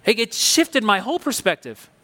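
A man preaching a sermon, telling a personal story in a conversational, animated, emphatic way. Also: high voice, moderate pace, big-room sound. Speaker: pastor.

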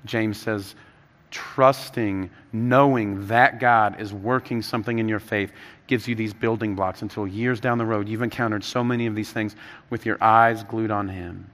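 Preaching at a moderate pace, a man in his thirties builds his sermon around stories in a bright, forward tone. Excitement pushes his voice higher and louder, while weighty moments bring it down soft and low. A big church hall's long echo follows him.

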